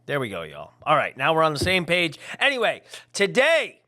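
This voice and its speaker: A middle-aged man, a former pro wrestler, talking casually to his viewers in a loose, rambling, jokey way that swings into loud yelling. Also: a little high, wildly swooping pitch, moderate pace, dry recording. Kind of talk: casual vlog talk to viewers.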